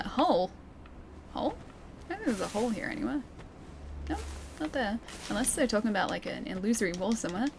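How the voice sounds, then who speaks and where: A woman's voice: medium pitch, fairly bright tone, slight background noise. A young Australian woman chatting casually while playing a game, reading chat and laughing often. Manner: chatty, giggly, reads chat aloud. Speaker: streamer. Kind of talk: casual gameplay commentary.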